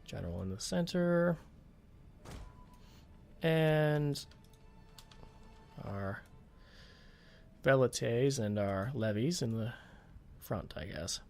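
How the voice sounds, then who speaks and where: A man's voice: medium pitch, animated, drawn-out words, vocal fry, long pauses, a little mellow, soft background music. A man talking through a strategy game as he plays, thinking aloud and swearing when the game frustrates him. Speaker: gaming channel host. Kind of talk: let's play commentary.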